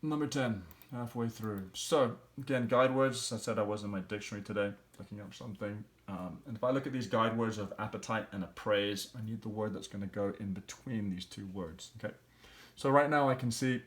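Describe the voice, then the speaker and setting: A man teaching, walking patiently through language exercises and thinking aloud as he works out each answer. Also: lowish voice. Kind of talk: explaining language exercises step by step.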